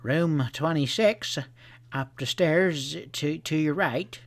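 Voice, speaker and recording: A man's voice: on the high side, slow, pitched above the performer's own voice. A man voicing a sputtering old male hotel clerk with loose teeth. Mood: flustered.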